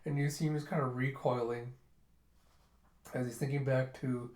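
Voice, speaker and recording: A man's voice: medium pitch, fairly even intonation, moderate pace, long pauses, a little mellow. A young man casually reading through and retelling a comic volume, chatty and loose, narrating scenes with "he's like". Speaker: comic reviewer. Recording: roomy echo.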